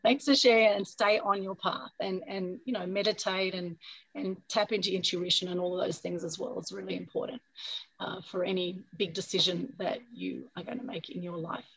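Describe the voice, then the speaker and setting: A woman with a husky voice hosting an online meetup, energetic and coaxing, often adding "right?" over a video call. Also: on the low side, moderate pace, rough recording. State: husky from a recent flu. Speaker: meetup host. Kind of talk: upbeat motivational talk on a video call.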